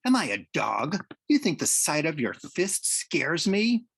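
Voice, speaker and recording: A man's voice: medium pitch, expressive, unhurried, creaky, bright, forceful tone, slightly rough, dry recording, exaggerated voice. A man voicing a hulking teenage boy bully who taunts and threatens in a raised voice. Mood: menacing taunts.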